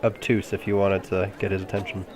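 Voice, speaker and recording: A man running a tabletop role-playing game as game master over a voice call, relaxed and chuckling often. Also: low voice, a little fast.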